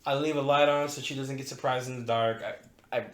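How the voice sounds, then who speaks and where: A man's voice: medium pitch, fairly even intonation, brisk, fairly bright tone. A man co-hosting a podcast, telling a long, profane story in casual chat. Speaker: podcast co-host. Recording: roomy echo.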